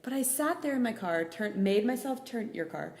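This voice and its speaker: A woman's voice: on the high side, animated, normal speed, darkish tone. A young woman with a Tennessee accent co-hosting a podcast, telling rambling, easygoing stories. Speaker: podcast co-host. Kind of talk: casual chat. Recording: roomy echo.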